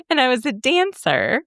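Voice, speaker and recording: A woman's voice: sits high, gravelly, a bit bright, no room sound, clean studio sound. Chatty woman telling funny family stories. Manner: chatty storytelling, laughs often. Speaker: podcast co-host. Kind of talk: casual chat.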